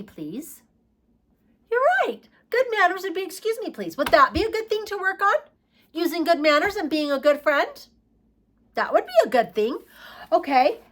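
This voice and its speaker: A woman teaching a preschool lesson, asking the children questions in a slow, sing-song way and singing short songs. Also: mid-range voice, fairly bright tone.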